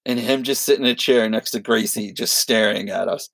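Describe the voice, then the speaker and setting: Gravelly rambling male storyteller. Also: on the low side, brisk, dry recording. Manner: rambling, animated retelling with filler words and quoted voices. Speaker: podcast co-host. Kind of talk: casual storytelling chat.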